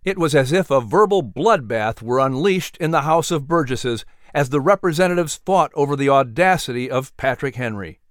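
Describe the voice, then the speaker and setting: Smooth-voiced man narrating a story. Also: medium pitch, normal speed, few pauses, no echo, studio quality. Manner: vivid, expressive storytelling.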